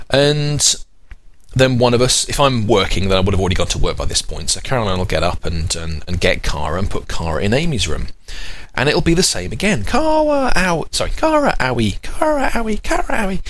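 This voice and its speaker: A podcast host in his thirties chats casually and rambles, correcting himself as he goes. His voice sits on the low side and sounds a bit bright.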